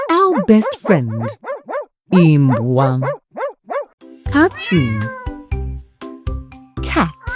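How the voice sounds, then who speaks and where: Slow sing-song woman teaching toddlers. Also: sits low. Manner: slow, sing-song, repeating each word. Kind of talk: slow flashcard-style word lesson for children.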